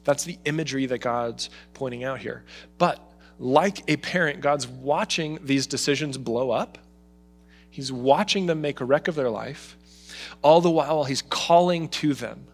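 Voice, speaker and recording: A man's voice: mid-range voice, measured pace, soft background music. Man preaching with pleading passion. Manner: expressive, voices God's pleading in emotional asides. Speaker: pastor. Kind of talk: sermon.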